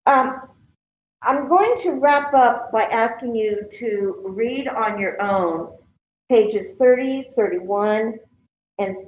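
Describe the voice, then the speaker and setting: A woman's voice: a little high, animated, takes it slowly, slight background noise. Older woman lecturing in a roomy classroom. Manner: conversational, checks in with students. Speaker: college lecturer. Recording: roomy, dull lecture-hall recording.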